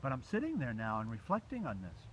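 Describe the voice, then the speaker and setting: Animated man telling a story. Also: mid-range voice, fast, muffled recording. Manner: animated, laughs often, acts out dialogue. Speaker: storyteller recounting a pilgrimage walk. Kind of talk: casual storytelling to a small group. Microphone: phone. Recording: faint background noise, phone recording.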